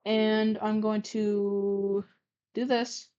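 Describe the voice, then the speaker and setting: A woman's voice: medium pitch, flat delivery, extremely slow, warm tone, smooth. A woman with a stutter reading her old fan fiction aloud, breaking off for cringing, self-correcting asides. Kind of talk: casual read-aloud commentary. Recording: muffled lo-fi recording.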